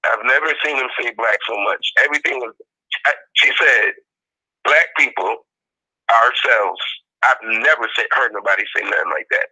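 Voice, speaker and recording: A man talking through a clip in loose, casual commentary, his voice very bright and forceful. He keeps coming back to the same points and mimics what he quotes. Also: mid-range voice, fast, slightly rough, rough recording. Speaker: podcast co-host.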